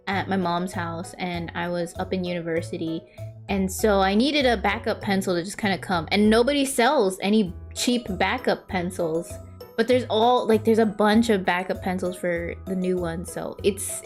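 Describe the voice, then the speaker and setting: A woman in her twenties chatting casually while drawing on stream, telling stories with frequent laughter and high-pitched impressions of relatives. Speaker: vtuber streamer.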